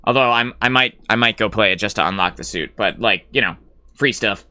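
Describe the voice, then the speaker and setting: A man chatting loosely on a live gaming stream, his voice bright and forceful with a smooth, crisp tone. He rambles through plenty of "uh"s and "like"s and gets blunt and profane when something annoys him. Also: lowish voice, a little fast. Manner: rambling and filler-heavy, with frequent "uh" and "like"; blunt and profane, reading and answering chat. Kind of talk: casual live-stream chat.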